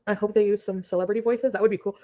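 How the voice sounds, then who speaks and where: A woman's voice: mid-range voice, fairly even intonation, very fast, warm tone. A woman co-hosting a casual online chat, playful and giggly, joking around. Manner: playful, giggly, jokey voice imitations. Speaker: co-host.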